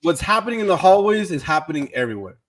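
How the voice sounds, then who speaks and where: A man's voice: a little high, very animated, fast, a bit bright. A man who is a teacher, talking as a podcast guest in earnest, casual chat, repeating words and saying "dude".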